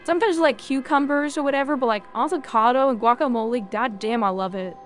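A woman's voice: sits high, fairly quick, faint music behind. A woman streamer chatting casually and rambling jokingly to viewers while she plays a game. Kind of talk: casual gameplay chat.

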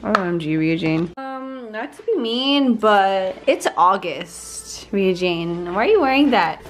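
Young mom vlogger, high voice, chatty, slips into sing-song baby talk. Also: female voice, big pitch swings, measured pace, soft background music. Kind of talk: casual family vlog.

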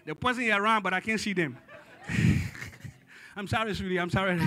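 A man preaching a sermon as pastor in a church service, dramatic, swinging from hushed tones to shouting and calling on the congregation for responses. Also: high-pitched, very fast.

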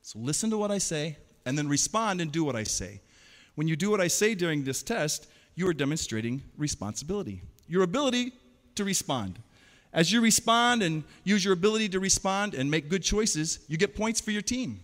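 A man performing an interactive stage show for children, playfully calling out quick commands and teasing his audience. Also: high voice, lively intonation, a bit bright. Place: large hall. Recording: long hall reverb.

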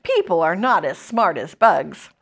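A woman voicing a calm, clever female barn spider in a gentle, knowing tone. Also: fairly low pitch, a little slow, gravelly, pitched below the performer's own voice, heavily acted. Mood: scheming.

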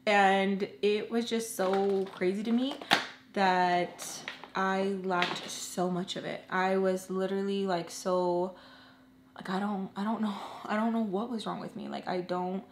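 A woman in her twenties tells a personal story to her viewers in a casual, earnest way. She stops and restarts often and fills her pauses with "like". The room sounds roomy, with a faint hum underneath. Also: mid-range voice, little pitch movement. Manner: halting, full of "like" and restarts; earnest and emotional. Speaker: storytelling vlogger.

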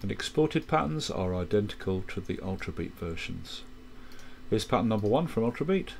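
A man calmly walking through a music software tutorial, explaining step by step with quick asides. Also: on the low side, creaky. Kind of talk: screen-recorded software tutorial.

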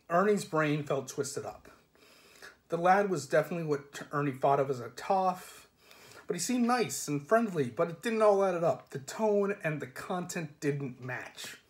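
A man reading a novel aloud in steady, measured narration. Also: on the high side. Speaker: reader. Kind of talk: audiobook-style reading of a novel.

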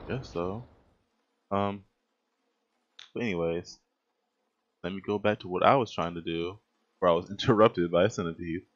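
A man's voice: low-pitched, moderate pace, pauses often, highs cut off, slight background noise. A young man hosting a gaming channel, rambling through his let's play commentary with sudden startled outbursts and laughter.

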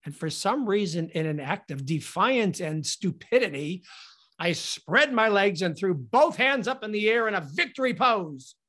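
A middle-aged man hosts his podcast and tells a funny story about himself. His delivery is animated and theatrical, and he acts out each scene as he goes. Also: high-pitched, normal speed. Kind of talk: comic personal storytelling.

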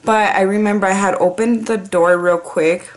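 A woman's voice: medium pitch, fairly even intonation, normal speed. A woman who works as a 911 dispatcher, telling a story in a casual vlog. She talks freely, swears a lot, says "like" constantly and slips in Spanish slang. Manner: chatty, profane, heavy use of "like"; drops in Spanish slang phrases.

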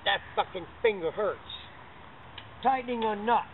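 This documentary subject from Massachusetts, USA, has a high voice and a moderate pace as he rambles and curses his way through explaining how he fixes a bike pedal, all unscripted. The camera audio is harsh and phone-like, with loud background noise.

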